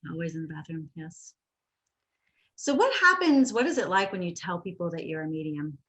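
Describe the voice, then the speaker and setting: A woman hosting an interview, calm and affirming as she listens and asks questions. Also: low voice, fast talker, poor audio. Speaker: podcast host. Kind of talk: casual interview.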